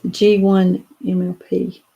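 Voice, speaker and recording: A woman's voice: on the low side, level tone, a little slow, vocal fry, warm tone, dull audio. An older woman, chatting casually on a live stream and answering viewer comments, rambling a little with lots of fillers and restarts. She is in a home office lined with doll showcases.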